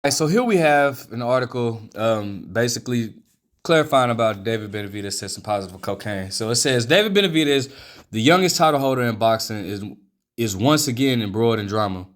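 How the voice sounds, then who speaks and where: A man's voice: medium pitch, a little fast. A man giving casual boxing commentary in slangy talk, acting out what others said. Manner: slangy, animated, acts out quotes.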